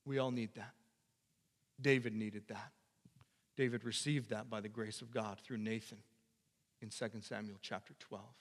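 A male pastor preaching a sermon emphatically, repeating phrases and swinging between loud and quiet. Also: lowish voice, fairly even intonation, normal speed, long pauses, in a large hall. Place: church.

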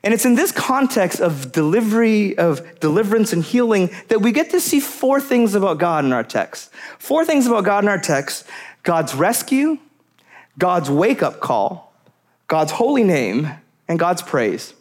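A man's voice: high-pitched, sing-song, measured pace. A man preaching a sermon as pastor, earnest and repeating key phrases for emphasis.

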